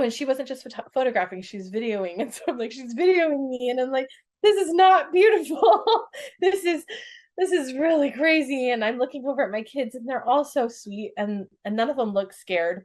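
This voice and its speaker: A woman in her thirties telling a personal story as a podcast guest, animated and laughing often as she acts out the voices of others. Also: mid-range voice.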